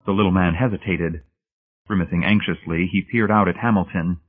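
Low deep guy reading a novel, steady pace, sounds tinny like over the phone. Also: brisk, slightly rough. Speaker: audiobook narrator. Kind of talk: scripted narration.

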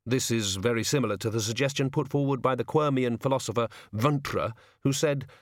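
Brief: male audiobook narrator, measured storytelling, mid pitch, dead-dry studio booth. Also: dry recording. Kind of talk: scripted narration.

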